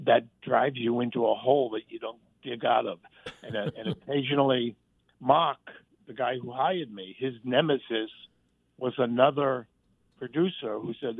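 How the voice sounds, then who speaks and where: Man guest, phone-line interview, animated storyteller who mimics voices, tinny and dry. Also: medium pitch, measured pace, husky, no echo. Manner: animated anecdotes, acts out quoted voices. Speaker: guest, former sitcom writer and warm-up comic.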